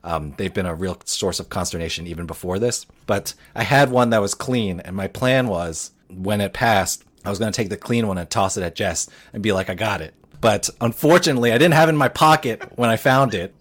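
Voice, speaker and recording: A man's voice: lowish voice, fairly quick, few pauses. A man in his thirties, a podcast co-host, telling a rambling, self-mocking story in casual chat.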